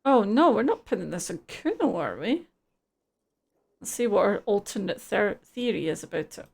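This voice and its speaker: Gravelly-voiced woman streamer reading game lines. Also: medium pitch, very animated, normal speed, a little mellow. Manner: dry, wry asides. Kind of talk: reading video game dialogue aloud.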